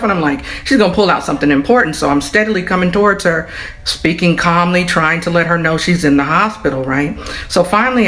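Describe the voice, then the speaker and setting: A woman who works as a nurse, telling a hospital story in an animated way and acting out the voices of the people in it. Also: low voice. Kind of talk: storytelling to camera.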